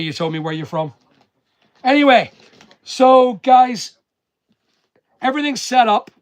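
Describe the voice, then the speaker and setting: Man, London-Northern Irish accent, high-pitched voice, casual live-stream chat, rambling, greets viewers. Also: a bit bright, dry recording. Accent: London and Northern Irish mix. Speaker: online seller streaming live. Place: packing room at work.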